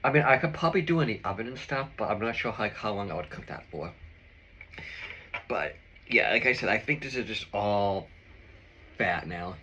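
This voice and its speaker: Rambling low-voiced man chatting to viewers. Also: expressive, normal speed, long pauses, bright, forceful tone, slight background noise, rough recording. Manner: rambling, filler-heavy, opinionated. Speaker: vlogger. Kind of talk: casual chat to viewers.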